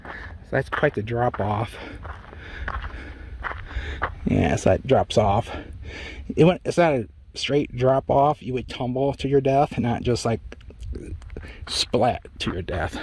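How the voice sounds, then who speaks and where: A man's voice: medium pitch, lively intonation, a little slow, a little mellow, breathy edge. A man on a desert trail, chatting casually for a hiking vlog with rambling, self-deprecating asides, a little out of breath. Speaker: travel vlogger.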